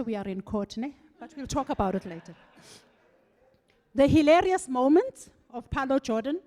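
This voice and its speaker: A middle-aged woman with a South African accent tells stories at a farewell event, slipping into the voices of the people she remembers. Her voice sits somewhat high. It rings with the long reverb of a large hall. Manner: animated storytelling, acting out quoted voices. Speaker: farewell speaker. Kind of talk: anecdotal farewell speech.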